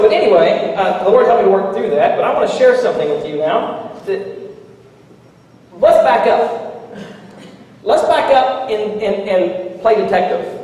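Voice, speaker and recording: A man preaching a sermon as a story, animated and chuckling as he talks, acting out the voices of the people in it. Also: high-pitched. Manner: animated, acts out quoted voices, chuckles while talking. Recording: echoey hall, from a distance.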